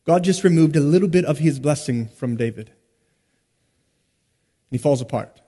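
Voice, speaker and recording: A man with a high-pitched voice preaches a sermon in a large sanctuary, and his words ring out with a long hall reverb. He swings between loud, emphatic stresses and hushed, slowed drops, often pausing on rhetorical questions. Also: husky. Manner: rhetorical questions and dramatic pauses. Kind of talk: expository sermon.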